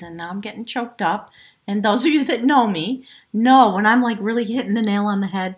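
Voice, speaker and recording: A woman's voice: medium pitch, brisk. Effusive woman giving a tarot reading. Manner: effusive and emotional, often dropping to a hushed whisper. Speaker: tarot reader. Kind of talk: spiritual tarot reading to camera.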